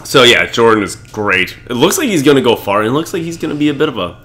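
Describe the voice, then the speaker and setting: A man's voice: medium pitch, sing-song, fast, sharp tone. A young man from Chicago co-hosting a podcast, chatting casually and joking with frequent laughs and fillers. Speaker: podcast co-host. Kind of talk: casual recap chat.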